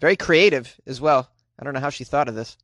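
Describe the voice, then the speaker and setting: A man hosting comedic news commentary, sarcastic and animated, laughing often and jumping into a high squeaky voice for quips. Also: fast talker, no room sound. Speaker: host.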